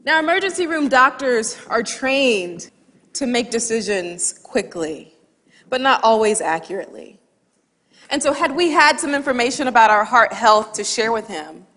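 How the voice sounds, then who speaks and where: Higher-voiced woman telling a funny story in a hall. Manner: lively, laughs at her own anecdote. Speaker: speaker giving a stage talk. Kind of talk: humorous storytelling talk. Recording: long hall reverb from a stage talk.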